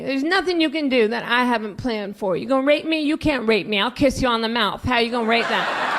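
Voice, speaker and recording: A brash woman doing stand-up, her high voice shouting defiant punchlines. A loud crowd and clear noise fill the live club recording. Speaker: stand-up comedian. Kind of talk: stand-up routine.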